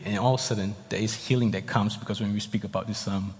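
A man's voice: on the low side, fast talker. A man pastor preaching a sermon in a conversational, explanatory way, heard in a church hall. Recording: long reverb of a hall.

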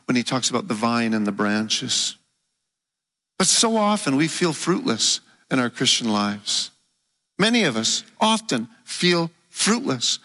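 A man with a raised, bright and forceful voice delivers a teaching sermon in a church. He explains point by point and draws out key words for emphasis. His voice carries a long reverb from the hall. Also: sits high. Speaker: preacher.

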